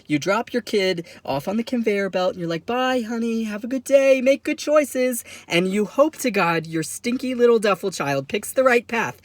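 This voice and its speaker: A young man performing a stand-up story, acting out other people's voices and swinging from hushed to loud. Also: fairly high pitch, no room sound. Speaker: stand-up comedian.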